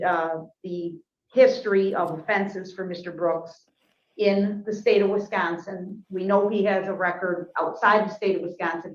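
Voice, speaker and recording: Low-voiced woman prosecutor in courtroom audio. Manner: measured, formal, with frequent "uh" pauses. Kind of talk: formal courtroom argument. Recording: roomy courtroom audio, muffled.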